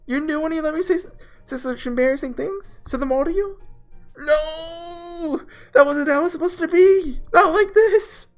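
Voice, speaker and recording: Reader doing a haughty lil underworld goddess from a game, goes high n squeaky when flustered, music faint behind. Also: quick pace, a little mellow. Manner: haughty then shrill and flustered. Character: proud young goddess of the underworld, easily flustered.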